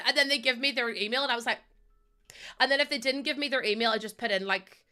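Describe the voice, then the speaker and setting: A young woman chatting casually with her stream's viewers, animated and swearing freely, laughing often. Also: on the high side, normal speed, smooth, faint music behind. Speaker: live streamer. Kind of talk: casual chat with live chat viewers.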